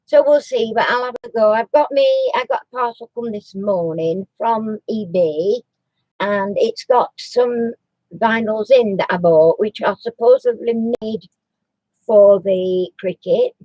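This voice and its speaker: A woman's voice: mid-range voice, unhurried, mellow, dry recording, low-quality recording. A woman, chatting casually on a crafting live stream, rambling with many restarts. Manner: coos baby talk to her dog.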